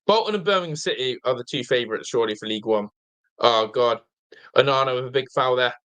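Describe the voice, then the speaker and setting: A young man hosting a live football watch-along, chatting excitedly, reacting to play and reading viewer comments aloud, with a slightly blocked nose. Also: medium pitch, fast, smooth. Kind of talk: live fan commentary and chat.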